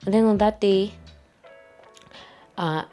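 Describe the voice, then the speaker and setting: A woman's voice: mid-range voice, slow pace, warm tone, soft background music. A young woman with a Kenyan accent, telling a storytime vlog from her home in a chatty, repetitive way. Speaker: vlogger. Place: her home while packing to move.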